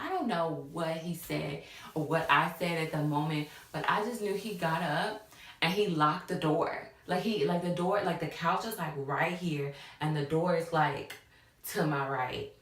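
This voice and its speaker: A woman's voice: on the low side, a little slow, a bit bright, distant mic. A young woman telling a story on her vlog, casual and full of fillers, acting out what people said. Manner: casual, many fillers, acts out quotes. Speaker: vlogger. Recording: echoey room, off-mic.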